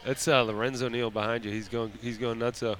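A man guesting on a podcast in casual chat, an animated storyteller who swears freely. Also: mid-range voice, fairly quick, a little hiss or hum.

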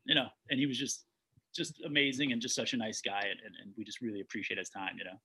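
A man's voice: on the low side, fairly even intonation, quick pace, bright, forceful tone, slightly rough. A man, a documentary director, telling stories in a casual interview, rambling with frequent restarts.

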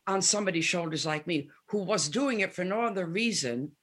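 This woman of seventy is a musician appearing as an interview guest, chatting casually and bringing her stories to life by acting out what people said. Her voice is on the low side, and she speaks fairly quickly.

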